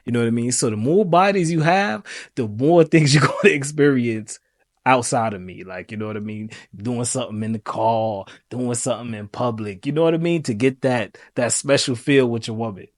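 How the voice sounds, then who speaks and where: Animated man with a dry close sound. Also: medium pitch, moderate pace, dry recording. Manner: animated, laughs while talking, repeats himself. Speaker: podcast co-host. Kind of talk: casual chat.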